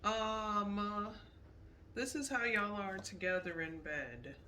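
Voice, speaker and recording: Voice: mid-range voice, slow pace, sharp tone, far from the mic, a little hiss or hum. A tarot reader giving a casual pick-a-card reading, emphatic and repetitive. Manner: repetitive, emphatic, says "period" often.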